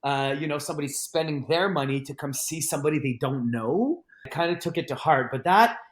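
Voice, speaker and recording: A male magician chats as a podcast guest, with a slightly high voice. He tells stories in a loose, animated way and often restarts his sentences. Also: fairly quick. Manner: animated, rambling, with frequent restarts and fillers. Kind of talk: casual storytelling in a podcast interview.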